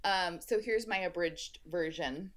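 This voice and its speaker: A woman co-hosting a podcast, recapping a book in casual chat, animated, laughing often and swearing freely. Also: fairly low pitch, unhurried, a little hiss or hum.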